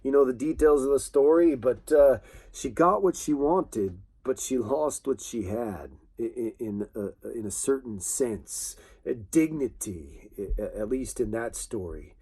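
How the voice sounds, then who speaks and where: A man preaching a sermon in an earnest, halting way, with many restarts and fillers. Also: mid-range voice, expressive, mellow, slightly rough.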